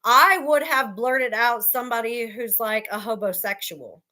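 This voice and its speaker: A woman hosting a casual livestream chat who explains things in a measured way, with frequent ums. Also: a little high, bright, forceful tone. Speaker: livestream host.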